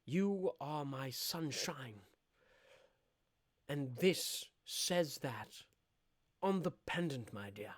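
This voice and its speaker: A man voicing an old-fashioned 18th-century suitor, speaking in a slow, theatrical, mock-tender way. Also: mid-range voice, lively intonation, no echo, studio quality.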